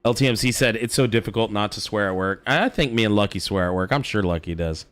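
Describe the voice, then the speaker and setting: A man's voice: on the low side, quick pace, a bit bright, no room sound. A young adult man hosting a game stream, chatting casually in a laid-back way and swearing freely as he reacts to the game. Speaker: streamer host. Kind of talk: casual chat while gaming.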